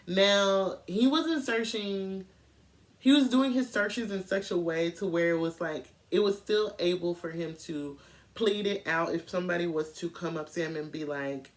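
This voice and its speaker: Woman, casual chatty recap, animated, slightly low voice. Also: normal speed. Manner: chatty, animated, talks straight to viewers. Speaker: true crime reviewer.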